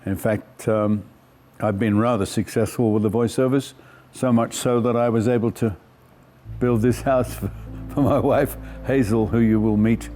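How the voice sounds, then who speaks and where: An older man, an actor telling stories from his life in an interview with clear, projected speech and frequent self-deprecating laughter. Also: mid-range voice, steady tone, moderate pace, mellow, soft background music. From Australia. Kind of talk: reflective storytelling interview.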